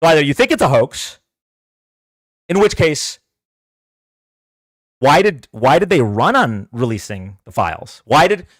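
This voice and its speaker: In a sing-song voice on the high side, a livestream host rants heatedly about politics, unhurried and pausing often. He's combative and sarcastic, daring his viewers to join and argue, and the audio has no echo.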